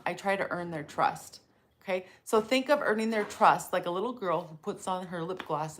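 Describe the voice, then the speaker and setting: A middle-aged woman co-hosting a casual live talk about donkey training, chatty and quick to laugh. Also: medium pitch, animated, slight background noise. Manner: warm, chatty, laughs often.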